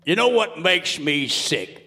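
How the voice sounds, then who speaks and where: Man playing a crude ranting everyman, loud, indignant, shouted punchlines, fairly high voice. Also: big pitch swings, slow, gravelly, full character voice. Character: crude, ranting middle-aged American everyman. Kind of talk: comedic monologue.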